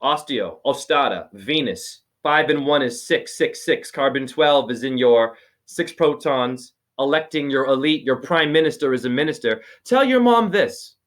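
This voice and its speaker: A man giving a spiritual reading over a video call, preachy and rambling, with sudden high exclamations. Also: expressive, normal speed, fairly bright tone. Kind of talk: excited casual video-call chat.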